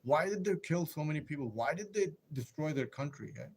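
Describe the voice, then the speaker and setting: A man's voice: on the high side, lively intonation, fairly quick, slightly rough. A man hosting a casual live stream, rambling and emphatic, firing off rhetorical questions and answering viewer comments.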